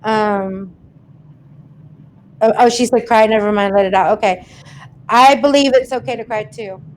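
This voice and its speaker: A woman's voice: on the high side, steady tone, measured pace, a little mellow, a little hiss or hum. Chatty woman reading live comments. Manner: chatty, laughs often, thanks viewers by name. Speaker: livestream host reading viewer comments. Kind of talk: casual live chat.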